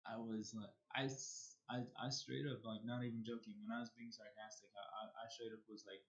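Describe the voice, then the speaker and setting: A man's voice: fairly low pitch, level tone, brisk. A man livestreaming, telling a long story in a casual, rambling way and often restarting his sentences. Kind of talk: casual storytelling while streaming.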